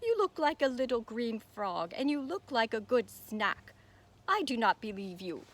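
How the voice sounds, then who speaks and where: A blustery, hungry storybook tiger, put on by a woman reading aloud. He grumbles and bargains in a slightly high voice, over a faint background hiss. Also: sing-song, normal speed. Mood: doubtful. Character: hungry gruff male tiger, easily fooled.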